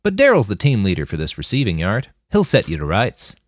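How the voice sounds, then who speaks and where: A man's voice: fairly low pitch, wildly swooping pitch, brisk, no room sound. A man voicing a polite, boyish young guard who speaks in a courteous drawl.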